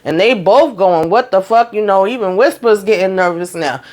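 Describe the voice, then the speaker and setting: A woman in a casual, animated recap of a TV episode, acting out the characters' lines with lots of fillers. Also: medium pitch, normal speed. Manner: animated storytelling, acts out characters' quotes, frequent fillers. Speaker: TV recap host.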